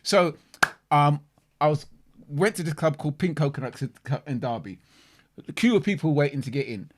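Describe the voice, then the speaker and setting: A man's voice: on the high side, a little mellow. A man co-hosting a casual podcast chat, telling stories animatedly and often repeating words. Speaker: podcast co-host.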